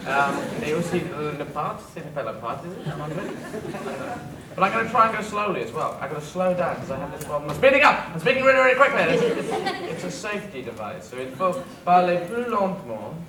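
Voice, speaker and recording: A man's voice: a little high, expressive, a little fast. A British man doing live stand-up, rambling and self-mocking as he stumbles through broken French. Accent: British English. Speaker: stand-up comedian. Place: packed club with a live audience. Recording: roomy club from far off, loud crowd and noise.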